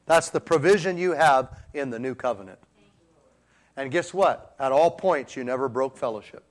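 A man preaching a sermon, firing rhetorical questions at the congregation and swinging between quiet and loud passages. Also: medium pitch, normal speed.

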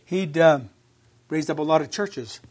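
High-voiced man preaching a sermon. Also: a little slow, a little hiss or hum. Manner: emphatic, repeats words, asks the congregation questions. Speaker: pastor.

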